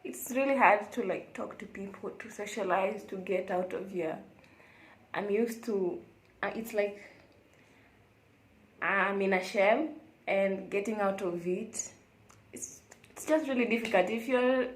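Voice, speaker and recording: A woman's voice: mid-range voice, a little slow, pauses often. Chatty young woman in an echoey room. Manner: chatty, reflective and candid. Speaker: vlogger. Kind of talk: casual confessional vlog chat. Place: hotel room.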